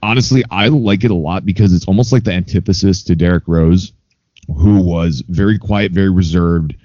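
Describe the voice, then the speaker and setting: A man's voice: sits low, warm tone, dry recording, muffled recording. A man co-hosting a casual sports podcast, rambling, swearing freely and poking fun at himself. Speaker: podcast co-host.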